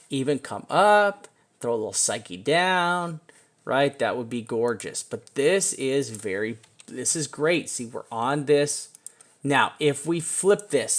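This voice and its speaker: A man giving a casual, excitable walkthrough of trading charts as a crypto analyst. He chats to the chart as he goes and throws in casual swears. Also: medium pitch.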